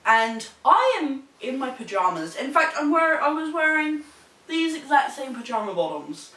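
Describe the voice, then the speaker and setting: A young woman with a New Zealand accent telling a story in a sweary, animated way, laughing as she goes. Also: high voice, moderate pace. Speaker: vlogger. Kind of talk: casual storytelling. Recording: echoey room, mic at a distance.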